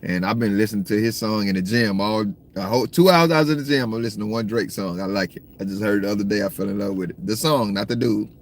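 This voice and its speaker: A man from the States, rambling through a casual livestream chat, slangy and cursing freely while he shouts out viewers. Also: lowish voice, fast talker, few pauses, a little hiss or hum. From Southern United States. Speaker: livestream host. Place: in a car at times.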